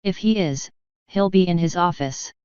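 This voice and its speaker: Brief: woman doing a dodgy ex-thief pony for a storybook, low-pitched, crisp and dry. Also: normal speed, a little mellow, no room sound, muffled recording, close to an everyday voice. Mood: easygoing. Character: wary young pony stallion, former thief.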